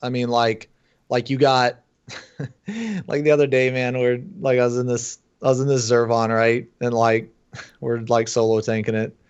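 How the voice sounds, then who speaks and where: A man's voice: medium pitch, moderate pace, clear, resonant tone, no room sound. A man who is a guest on a gaming podcast, chatting casually and ranting bluntly with lots of swearing. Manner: blunt, profane, animated ranting with laughs. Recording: dull lo-fi dry sound.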